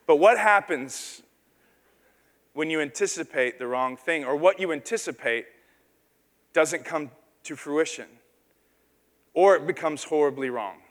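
A man's voice: on the high side, a little slow, pauses often. A man in his thirties preaching a sermon, telling a self-deprecating personal story and acting out the voices in it. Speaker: pastor. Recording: long reverb of a large hall.

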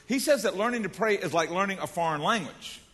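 Male pastor, folksy animated sermon, high voice, long hall reverb. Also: fairly quick. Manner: folksy, animated preaching with asides.

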